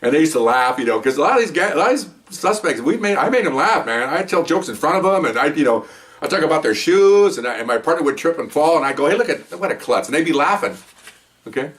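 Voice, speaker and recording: A man's voice: fairly high pitch, animated, quick pace, fairly bright tone, recorded from a distance. An older man, a retired police officer, telling rambling, jokey stories from his career and peppering them with "okay?" and "you know". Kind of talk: casual storytelling monologue.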